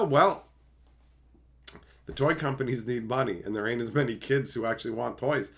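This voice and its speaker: A man hosting a casual livestream, chatting with viewers in a profane, animated way and slipping into quick silly impressions. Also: medium pitch. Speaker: livestream host. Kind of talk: casual livestream chat, reading viewer messages.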